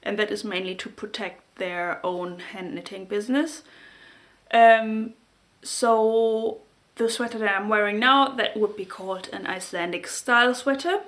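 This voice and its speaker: Halting woman with a German accent. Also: a little high. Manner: halting, searches for words. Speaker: knitting podcast host. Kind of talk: casual chat to camera.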